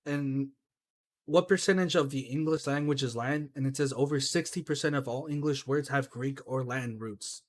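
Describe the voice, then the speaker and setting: Heated, animated man talking fast. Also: medium pitch. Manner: heated, animated, swears, says "right?" and "bro". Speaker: podcast co-host. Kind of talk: casual chat.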